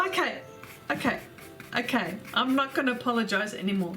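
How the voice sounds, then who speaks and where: A woman, hosting an art livestream in casual chat, effusive and quick to laugh while reading viewer comments aloud. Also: a little high, expressive, a bit bright, soft background music.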